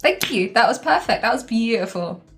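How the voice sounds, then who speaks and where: A woman's voice: fairly high pitch, lively intonation, moderate pace, fairly bright tone, faint music behind. Chatty, playful woman streamer. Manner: chatty, laughs often, playful. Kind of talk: casual live-stream chat.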